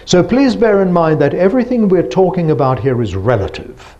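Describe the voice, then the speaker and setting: A man's voice: sits high, lively intonation, brisk, dark tone, dull audio. A man giving a lecture presentation, explaining step by step and asking the audience rhetorical questions.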